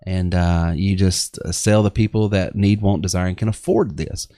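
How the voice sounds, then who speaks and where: A Southern-accented man hosts a live online business show, his low voice dark-toned and animated at a normal pace. He chats casually and rambles, full of fillers and restarts, mixing in pitches. There's no echo on the audio.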